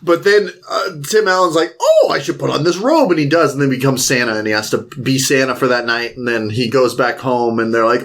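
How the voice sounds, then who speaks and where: A man's voice: mid-range voice, fairly quick, few pauses. Man animatedly recapping a movie. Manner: animated plot recapping, swearing freely. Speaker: podcast co-host. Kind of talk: casual movie-review chat.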